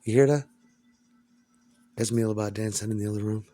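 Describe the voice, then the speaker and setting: A man's voice: lowish voice, fairly even intonation, fairly quick, mellow, faint music behind. A man at home, talking in a rambling, profane, stream-of-consciousness monologue.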